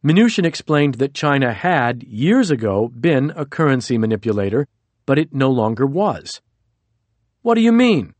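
A man reading a nonfiction audiobook in a measured, even narration. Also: medium pitch, no room sound. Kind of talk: scripted narration.

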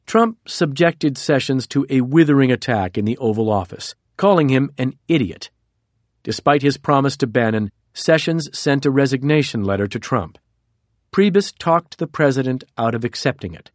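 A man giving a measured, scripted audiobook narration into a close studio mic. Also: mid-range voice, expressive, no room sound.

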